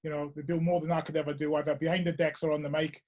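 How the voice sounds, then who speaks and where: A man with a Geordie accent hosts a relaxed interview in a slightly raised voice. He talks quickly, rambling through restarts and filler phrases as he works out his point. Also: a little high. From North East England. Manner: rambling, hesitant, full of restarts and "you know". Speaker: podcast host. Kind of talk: casual interview chat.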